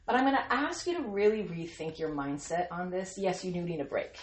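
A woman hosts a devotional podcast for Christian women, her voice sitting slightly low. She talks in an earnest, encouraging way and slips into playful voices for quoted lines. The sound is echoey, with a faint hiss underneath. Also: sing-song, fairly quick.

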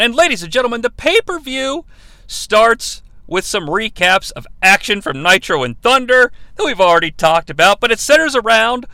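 Sarcastic man recapping with gravelly voice. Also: high-pitched, sharp tone, no room sound. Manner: sarcastic, irreverent, swearing. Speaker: podcast host. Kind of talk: comedic recap.

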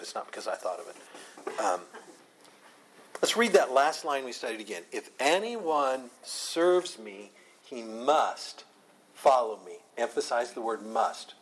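A man teaching an informal Bible study. He is animated, often repeats and restarts words, and laughs a lot. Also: fairly low pitch, slight background noise, poor audio.

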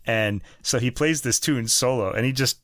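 A man's voice: mid-range voice, moderate pace, a bit bright, no echo, studio quality. A middle-aged man co-hosting a music podcast in casual, rambling chat, joking and laughing at himself. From United States. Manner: chatty, rambling, laughs at his own jokes. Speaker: podcast co-host.

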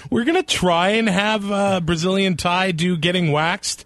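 A man's voice: high voice, unhurried, no echo. A man co-hosting a sports podcast, chatting casually and laughing often. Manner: laughs often, lively reactions. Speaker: podcast co-host.

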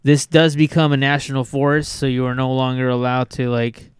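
A man's voice: medium pitch, flat delivery, brisk, smooth, dry recording. A man co-hosting a podcast in casual chat, rambling and swearing with lots of restarts. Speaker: podcast co-host.

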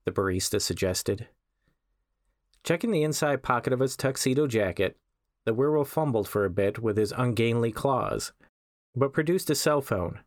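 A man, the host of a podcast, reading a short story aloud in a measured, wry storytelling voice. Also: mid-range voice, expressive, no room sound, clean studio sound. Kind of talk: scripted story narration.

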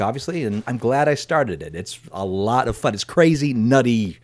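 Chatty, lively podcast host, a man. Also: mid-range voice, normal speed. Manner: chatty, enthusiastic, stumbles and restarts as he talks. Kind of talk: casual chat.

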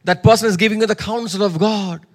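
High-voiced, emphatic male preacher. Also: fairly even intonation, quick pace. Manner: emphatic, repeats lines, calls for audience response. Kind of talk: sermon.

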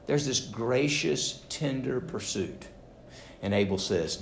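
A man's voice: medium pitch, slow, creaky. A man preaching a sermon, acting out the people he quotes. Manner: animated, acts out quoted voices. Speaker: pastor. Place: church sanctuary. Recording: roomy church echo.

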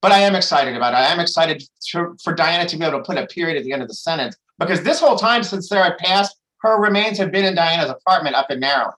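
A man's voice: on the high side, lively intonation, fast, few pauses, pushed and bright, low-quality recording. A man sharing candidly at a recovery meeting, rambling with restarts and frequent swearing. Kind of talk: candid personal share.

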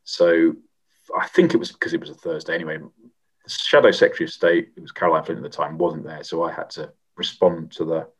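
A middle-aged man, a former member of parliament, answering interview questions in a measured, reflective way with frequent pauses and restarts. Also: low voice, vocal fry, breathy edge. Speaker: former MP, guest.

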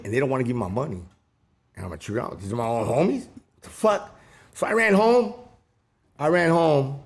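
A man telling stories from his youth in casual street slang, often ending lines with a tag question. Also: fairly high pitch. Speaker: interviewee. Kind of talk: casual storytelling.

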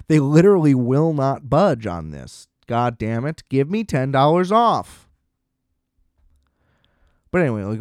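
A man's voice: medium pitch, darkish tone, no room sound, clean studio sound. A young man ranting in a casual, exasperated and profane monologue as a podcast host.

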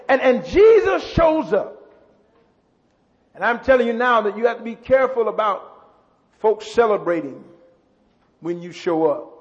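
A pastor preaching a sermon. He builds to shouts, repeats words and calls out to the congregation. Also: high voice. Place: church. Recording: muffled church hall with long echo.

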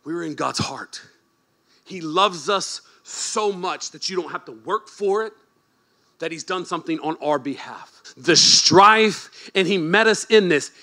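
A man preaching a sermon as pastor, animated and joking, moving from quiet asides to shouted emphasis. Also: high voice. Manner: joking, teasing the congregation.

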